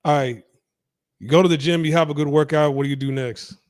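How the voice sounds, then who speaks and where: A man's voice: fairly high pitch, fairly even intonation, a little fast, no echo. Laid-back male host, dry close sound. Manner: laid-back, reacts with short exclamations. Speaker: podcast host. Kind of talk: casual interview chat.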